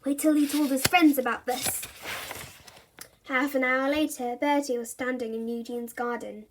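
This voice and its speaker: High-voiced woman reading a children's story. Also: normal speed, noisy background. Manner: expressive, animated narration. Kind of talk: children's storybook read-aloud.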